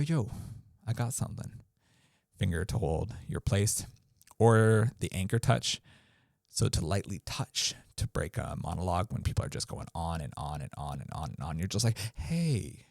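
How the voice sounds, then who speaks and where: A man's voice: low-pitched, vocal fry, dry recording, clean studio sound. A man hosting his own podcast, talking casually with loose fillers. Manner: relaxed, loose, with offhand fillers. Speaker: podcast host. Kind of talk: casual solo podcast talk. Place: New Zealand.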